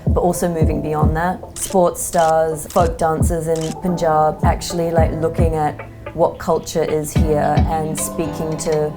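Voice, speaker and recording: A woman's voice: sits low, flat delivery, unhurried, over loud music. An Australian woman in her thirties, a magazine editor talking frankly as a podcast guest, full of "like" and "um". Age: 30s. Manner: chatty, frank, many "like" and "um" fillers. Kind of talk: casual interview chat.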